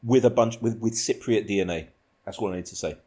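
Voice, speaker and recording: A man's voice: fairly low pitch, fairly quick, darkish tone. A man hosting a casual podcast, telling rambling stories and laughing often. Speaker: podcast host.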